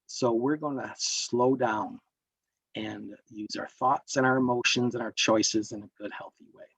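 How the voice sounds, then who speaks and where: A man's voice: mid-range voice, fairly even intonation, a little slow, vocal fry, a bit bright, slightly rough, no room sound, poor audio. A man leading an interactive wellness workshop, lecturing and putting questions to the group. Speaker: workshop instructor.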